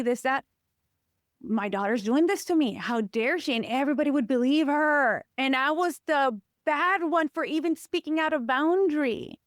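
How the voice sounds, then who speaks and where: A woman counselor, a guest on an interview podcast, telling personal stories in an expressive, emphatic way. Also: high voice, no room sound, clean studio sound. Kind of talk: personal conversational interview talk.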